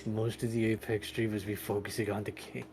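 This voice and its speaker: A man's voice: fairly low pitch, little pitch movement, fairly quick, a little mellow, a little hiss or hum. A young man streaming and chatting casually with friends, self-deprecating and jokey, with rambling restarts.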